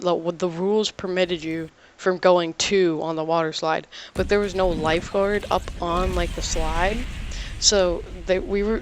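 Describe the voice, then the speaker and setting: A teenage boy casually telling a story about his day, rambling with halting restarts and lots of "like". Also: sits high, a little hiss or hum. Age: teens.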